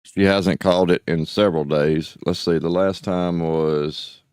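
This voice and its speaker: Deep, slow, laid-back man. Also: fairly even intonation, darkish tone, clear, resonant tone, dry recording, clean studio sound. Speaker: host playing back voicemails. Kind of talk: casual commentary.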